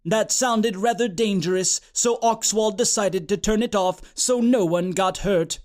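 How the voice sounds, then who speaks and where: A man narrating a comic fantasy storybook in a deadpan, quick way. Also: high-pitched.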